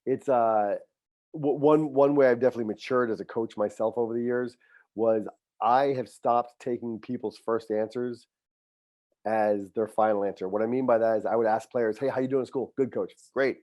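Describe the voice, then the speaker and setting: An older man with a mid-pitched voice speaks in a casual podcast conversation. He is a football coach who talks earnestly and motivationally. He often acts out his exchanges with players. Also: fairly even intonation, normal speed, darkish tone, no echo, lo-fi sound. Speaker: high school football head coach, podcast guest.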